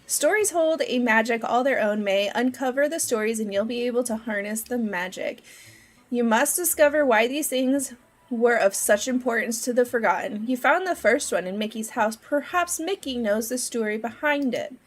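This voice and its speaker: A woman's voice: fairly high pitch, normal speed, close to an everyday voice. A woman voicing an old male wizard mentor, reading game dialogue aloud in her own voice. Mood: earnest.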